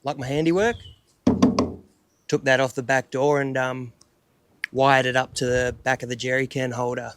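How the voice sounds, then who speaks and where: A man's voice: medium pitch, normal speed, pauses often, background noise. A young Australian man casually telling a story on his vlog, acting out the lines of the people he met. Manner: animated, retells dialogue in quotes. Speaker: vlogger.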